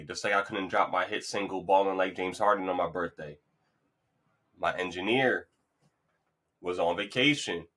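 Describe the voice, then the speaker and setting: Solo male podcast host, lowish bright voice, loose motivational rambling. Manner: loose, rambling, upbeat and encouraging. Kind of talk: casual motivational monologue. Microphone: podcast mic.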